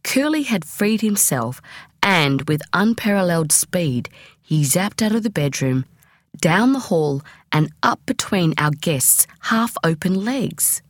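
Low-voiced woman reading an audiobook. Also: dry recording. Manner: measured, expressive reading. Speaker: audiobook reader. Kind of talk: audiobook narration.

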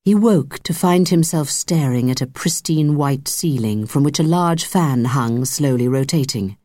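Low-voiced woman reading an audiobook. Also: a little slow, mellow, dry recording, studio quality. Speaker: audiobook narrator. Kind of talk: scripted narration.

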